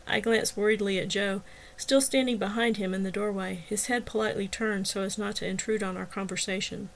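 A woman reading her own novel aloud as an audiobook, in clear, steady first-person narration. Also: medium pitch, a little fast, a little hiss or hum.

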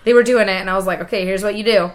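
A woman's voice: mid-range voice, racing. A woman in her forties co-hosting a podcast, telling rambling stories in casual chat and laughing often. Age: 40s. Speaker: podcast co-host.

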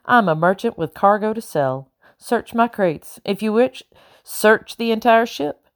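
Woman reading a smooth, evasive merchant man. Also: medium pitch, expressive, measured pace, no room sound, studio quality, voice pushed up.

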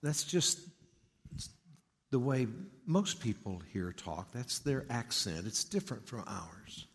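A man voicing a calm southern mother who gently explains things to her child. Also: mid-range voice, slow pace. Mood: patient. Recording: long hall reverb.

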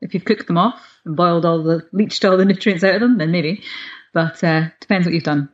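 Lower-voiced woman explaining nutrition, lo-fi sound. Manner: measured, explanatory, hedging on evidence. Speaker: nutrition expert co-host. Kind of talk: casual chat. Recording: dull lo-fi sound.

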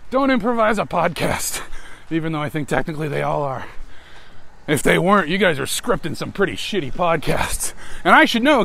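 An American man hosts an improvised podcast, delivering a rambling, irreverent casual monologue with frequent swearing. His voice is high-pitched and gravelly, with a fairly bright tone.

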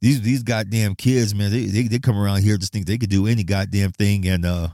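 A man from Flagstaff, Arizona, with a somewhat low voice and a dry, close sound holds forth on his podcast. He is blunt and profane, gets animated, and laughs often as he talks. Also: a little fast, no room sound. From Flagstaff, Arizona, USA. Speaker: podcast host. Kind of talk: casual monologue.

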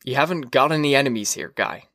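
A man's voice: medium pitch, fast talker, pushed and bright, no echo, clean studio sound. A man voicing a confident, dismissive middle-aged fire captain in an audiobook reading, offhand and mocking.

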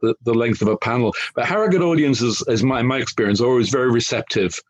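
A man's voice: mid-range voice, fast talker, dry recording, dull audio. A man from Liverpool with a faint trace of its accent, co-hosting a casual book chat in a wry, rambling, self-deprecating way. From Liverpool, England. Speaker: podcast co-host.

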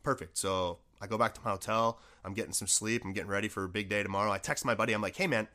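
A man's voice: on the low side, very fast. A man, a former hockey player turned coach, telling a rambling story on a podcast with lots of "like" fillers. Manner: rambling, animated, many "like" fillers.

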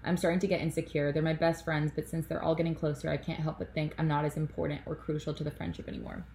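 A woman's voice: sits low, steady tone, quick pace, gravelly, darkish tone, a little hiss or hum. A young woman from Toronto hosting a podcast in casual chat, out of breath and rambling with lots of fillers and apologies. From Canada, Toronto. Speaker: podcast host. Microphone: laptop built-in mic.

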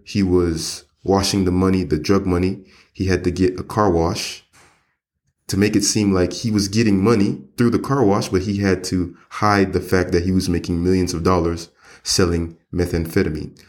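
Low-voiced man giving a casual lesson. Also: a little mellow. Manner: conversational, rambling, frequent fillers and restarts. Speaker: English teacher and podcast host.

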